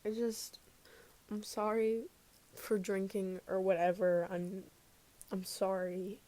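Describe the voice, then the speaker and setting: A woman voicing a gruff, anxious young man who is a tipsy boyfriend, talking low and mumbling in a podfic reading. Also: level tone, takes it slowly, dark tone, natural voice.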